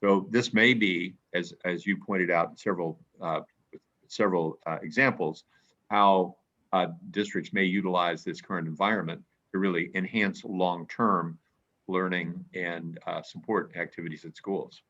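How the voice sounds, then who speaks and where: An older man with a very low, bright-edged voice speaks haltingly, stumbling over repeated words and clearing his throat. His audio sounds dull and lo-fi, as if from a remote call. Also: fairly even intonation. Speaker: panelist. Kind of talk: panel discussion comment.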